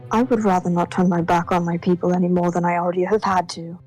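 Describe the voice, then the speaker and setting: A woman playing an earnest exile loyal to her people in a tabletop game, speaking in a halting, sincere way. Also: fairly low pitch, little pitch movement, darkish tone, faint music behind, close to an everyday voice, rough recording. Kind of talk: in-character tabletop role-play.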